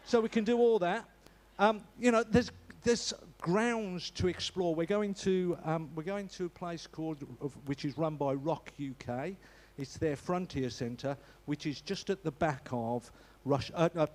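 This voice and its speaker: His voice sits high with a somewhat dark tone as he makes a relaxed church notice. The man jokes and chats along, often tripping up and beginning sentences again.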